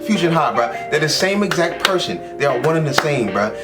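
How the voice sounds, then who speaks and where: A man talks through an anime reaction in an animated, emphatic way, with a bro at the end of almost every thought. His voice sits a little high for a man. Loud hip hop music plays underneath. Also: brisk. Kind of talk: excited reaction commentary.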